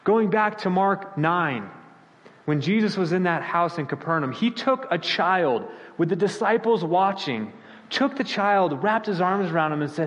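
Animated preacher with a ringing hall sound. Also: male voice, unhurried. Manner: animated, acts out quoted voices with sudden pitch jumps. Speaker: pastor. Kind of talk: sermon.

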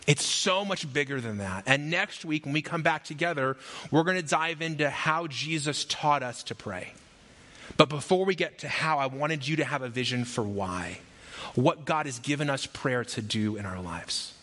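A man preaching a sermon as pastor, energetic and emphatic, with rhythmic lists and acted asides. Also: a little high, normal speed.

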